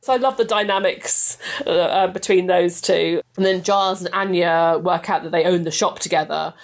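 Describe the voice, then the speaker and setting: A woman's voice: on the low side, fairly even intonation, moderate pace. A woman, chatting enthusiastically as a podcast guest and laughing often. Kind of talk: casual chat.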